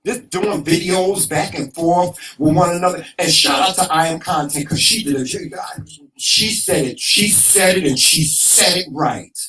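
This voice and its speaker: A man's voice: fairly high pitch, unhurried, sharp tone, recorded from a distance, a little hiss or hum, rough recording. A man co-hosting a casual talk show, frustrated and emphatic, repeating himself and swearing freely with a preacher-like cadence.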